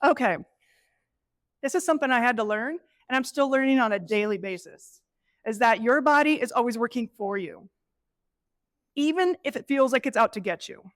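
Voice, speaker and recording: A middle-aged woman presenting a live workshop, animated and conversational, acting out inner voices as she teaches. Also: on the high side, normal speed, pauses often, no echo. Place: event space with an audience.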